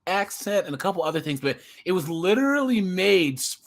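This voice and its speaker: A man's voice: sits high, very animated, fairly quick. A young man with a Californian accent chatting casually as a podcast co-host, rambling with many restarts and repeated words. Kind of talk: casual chat.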